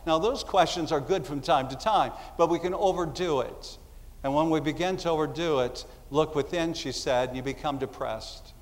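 A man's voice: fairly high pitch, normal speed. A man preaching a sermon in a conversational style, acting out little voices as asides. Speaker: pastor. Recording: long hall reverb.

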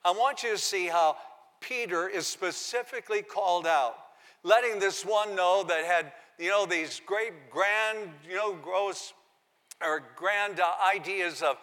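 A man's voice: high voice, measured pace, sharp tone, long reverb tail. A man preaching a sermon, reading scripture aloud and giving the quoted lines dramatic emphasis. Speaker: pastor.

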